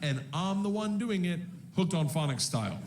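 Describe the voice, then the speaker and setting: A man doing stand-up storytelling, animated and loud, shouting his punchlines, on a noisy live recording. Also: sits high, normal speed. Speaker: stand-up comedian.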